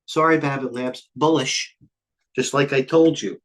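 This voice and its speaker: An older man hosting a live trading stream, talking quickly and jumping between stock tickers, a little out of breath. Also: medium pitch, steady tone. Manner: rapid, scattered, jumps between tickers. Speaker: trading show host. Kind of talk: live market commentary.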